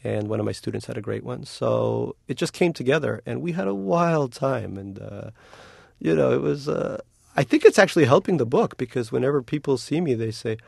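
Novelist guest, male, gravelly and lively, joking, dry close sound. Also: mid-range voice, no room sound. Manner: animated and joking, quick to laugh. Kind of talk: casual interview chat.

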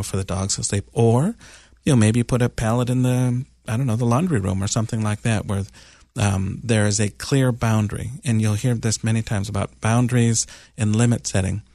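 Gravelly low-voiced radio advice host. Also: male voice, no room sound, studio quality. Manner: calm, explanatory, rambling with fillers.

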